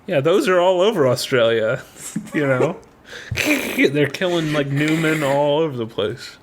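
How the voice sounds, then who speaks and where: Animated laughing young man. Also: a little high, unhurried, noisy background. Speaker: podcast host running trivia. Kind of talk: casual chat.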